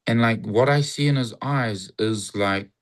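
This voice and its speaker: A man's voice: medium pitch, measured pace. A man from New Zealand with a New Zealand accent, talking casually as a guest in a reflective, rambling way. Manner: rambling, reflective, acts out cheerful greetings. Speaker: interview guest. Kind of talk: casual conversation.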